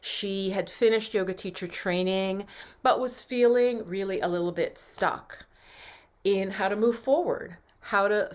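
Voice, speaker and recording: A woman mindset coach talking earnestly to her viewers, guiding breathing and affirmations in a slow, soft voice. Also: fairly low pitch. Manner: earnest, encouraging, slows and softens for breathing exercises. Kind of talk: coaching talk with guided affirmations.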